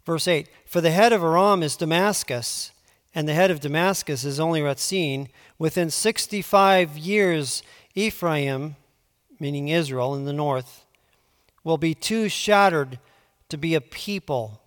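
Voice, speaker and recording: A man preaching a conversational Bible teaching, moving between quiet asides and emphatic pleading. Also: a little high, measured pace. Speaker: pastor. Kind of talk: sermon. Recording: long hall reverb.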